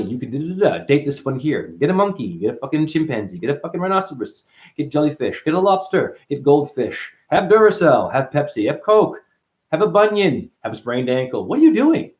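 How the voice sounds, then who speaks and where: A man holds forth as a self-styled spiritual teacher, his voice sitting a little high and swinging widely in pitch. He rambles and swears freely, jumping from point to point, and now and then lets out sudden high yelps. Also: darkish tone. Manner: profane, rambling, exclaiming. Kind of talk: animated spiritual monologue.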